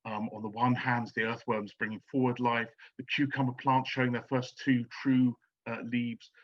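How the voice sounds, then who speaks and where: A man's voice: mid-range voice, little pitch movement, moderate pace, dull audio. Hesitant man giving a lecture. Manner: hesitant, many ums and restarts. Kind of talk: academic lecture on poetry.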